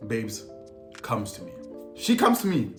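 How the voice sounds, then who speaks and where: A young South African man telling a personal story to camera in a casual, animated way, heavy on slang and repeated phrases. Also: fairly low pitch, a little slow. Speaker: storytelling vlogger. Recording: roomy echo with faint music.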